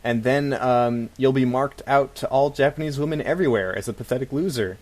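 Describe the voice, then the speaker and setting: A man's voice: medium pitch, fairly quick, darkish tone. A man co-hosting a casual comedic talk show, reading listener questions and mocking them with frequent laughter. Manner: wry, mocking, laughs often. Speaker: podcast co-host. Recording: faint music bed underneath.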